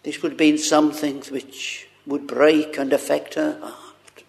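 A man preaching a sermon, speaking haltingly with many fillers and fervent exclamations. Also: a little high, little pitch movement, gravelly.

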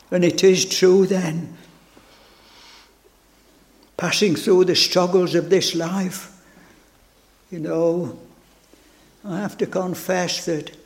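A man's voice: high voice, gravelly, a little mellow. A man preaching a sermon with fervent, repeated phrases and stammered restarts. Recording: long hall reverb.

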